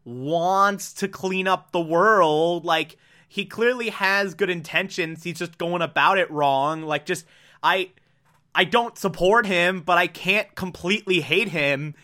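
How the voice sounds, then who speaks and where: A man's voice: high voice, slow, sharp tone, heavily acted. A man voicing an earnest, unsure young male officer who rambles with lots of "like"s. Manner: rambling, many "like"s and restarts.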